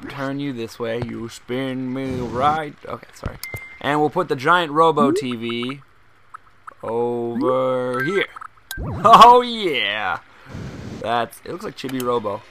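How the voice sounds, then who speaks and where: A young man giving chatty let's play commentary as the host of a gaming video, rambling along and bursting into excited shouts, with game music behind him. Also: mid-range voice, unhurried, a crowd in the background.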